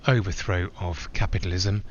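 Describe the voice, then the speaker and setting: A man's voice: low voice, fairly even intonation, normal speed, dull audio, a little hiss or hum, natural voice. An actor playing a man flying alone, who talks in a reflective, digressive way with small hesitations. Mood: musing. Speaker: narrator-pilot. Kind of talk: theatrical monologue.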